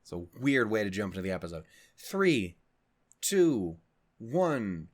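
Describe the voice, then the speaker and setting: A man's voice: on the low side, sing-song, measured pace, over music. Rambling, profane man hosting a reaction video. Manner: rambling, profane and jokey, many fillers. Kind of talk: casual reaction chat.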